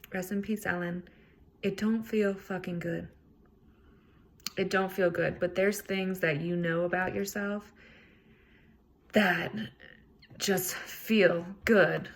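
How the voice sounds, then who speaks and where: A woman's voice: medium pitch, steady tone, slow, pauses often, a bit bright. A woman hosting a solo self-help podcast, talking in a casual, earnest way and swearing freely. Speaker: podcast host.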